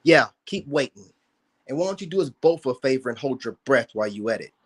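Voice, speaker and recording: A man's voice: medium pitch, lively intonation, a little fast, husky. A man in a blunt, confrontational rant to his online viewers, profane and repetitive. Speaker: social media commentator. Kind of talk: ranting monologue to viewers.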